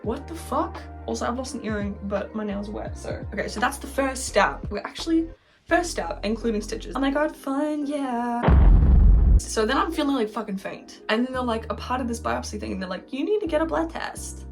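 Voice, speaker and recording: A woman's voice: on the high side, moderate pace. Swearing young woman on a storytime vlog. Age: young adult. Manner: swears constantly, rambling and animated. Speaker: vlogger. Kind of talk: casual storytime chat. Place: on her bed at home. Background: faint background music.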